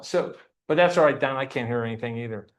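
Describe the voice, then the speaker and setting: A man's voice: mid-range voice, fast. A man teaching a church Sunday class, often asking the class questions and repeating himself.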